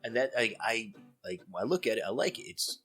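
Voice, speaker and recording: A man's voice: fairly low pitch, very animated, a little fast, a bit bright, soft background music. A man who teaches art, co-hosting a podcast in easygoing chat, explaining ideas thoughtfully with plenty of fillers. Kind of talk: casual chat about art.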